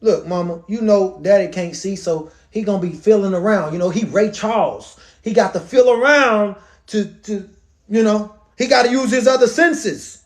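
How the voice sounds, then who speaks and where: A man's voice: high voice, normal speed, natural voice. A man voicing a nervous young son who pleads with his mother in slangy everyday talk. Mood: pleading.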